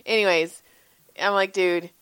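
Woman, 40s, lively profane storyteller, acts out quotes with laughter, dry mic. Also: lowish voice, unhurried, clean tone, no room sound. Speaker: podcast co-host, massage therapist. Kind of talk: casual storytelling chat.

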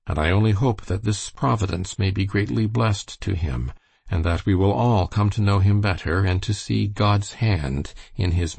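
Guy doing a solemn minister, deep, gravelly, formal. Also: darkish tone, no room sound, heavily acted. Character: formal minister giving thanks at supper.

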